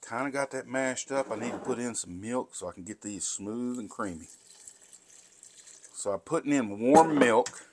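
A man's voice: mid-range voice, a little hiss or hum. A man, hosting a casual home cooking tutorial in a folksy, chatty way. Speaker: cooking show host. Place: home kitchen.

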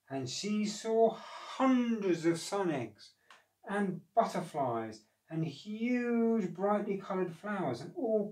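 A man reading a children's storybook aloud in a slow, gentle, expressive way. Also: high-pitched. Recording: echoey room, distant mic.

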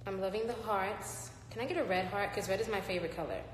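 A woman's voice: medium pitch, normal speed, a little hiss or hum. Woman, live-stream host, chatty and playful, recorded on a phone in a reverberant room. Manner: chatty and playful, gives shout-outs to viewers. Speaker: host of an online live show. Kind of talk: casual live-stream chat, greeting viewers. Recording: echoey room with long reverb, faint ambience.

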